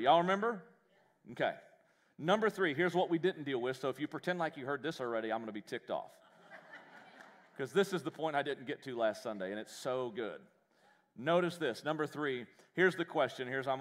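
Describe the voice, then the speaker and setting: A man preaching a live sermon as pastor in a church, animated and joking, with self-deprecating humor. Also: medium pitch, long reverb tail. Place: church sanctuary.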